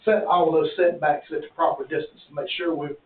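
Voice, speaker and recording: A man's voice: on the high side, fairly even intonation, brisk. A man explaining a land survey at a county hearing, folksy and rambling. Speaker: applicant's representative. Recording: echoey, tinny, far from mic.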